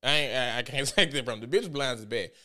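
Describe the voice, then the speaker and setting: Male vlogger, mid-pitched, chatty and profane, animated storytelling commentary. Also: quick pace. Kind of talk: casual commentary.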